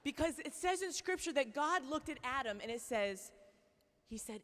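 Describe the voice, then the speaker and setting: A woman's voice: high-pitched, lively intonation, moderate pace, a bit bright. Playful young woman preaching in a hall. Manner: chatty and playful, many likes and okays. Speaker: speaker at a Christian women's event. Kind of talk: lively faith talk.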